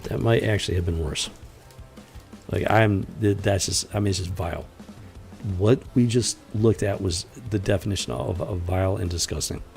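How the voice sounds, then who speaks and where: A man's voice: sits low, moderate pace, vocal fry, a little mellow, faint music behind. A man hosting a casual comic book commentary, exasperated and blunt, swearing freely and often stumbling over his restarts. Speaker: host.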